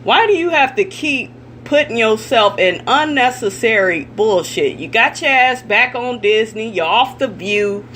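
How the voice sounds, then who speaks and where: Woman vlogger, bright edgy voice, blunt cussing rant, faint hum behind. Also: on the high side, animated, a little slow. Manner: blunt, profane and indignant, addressing viewers directly. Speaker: celebrity gossip vlogger. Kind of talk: ranting commentary vlog.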